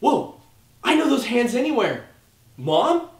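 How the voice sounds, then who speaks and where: A young man hosting a sarcastic comedy music-production tutorial, excitable and swearing, jumping to shouts. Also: very high-pitched, measured pace. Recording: roomy echo with faint music.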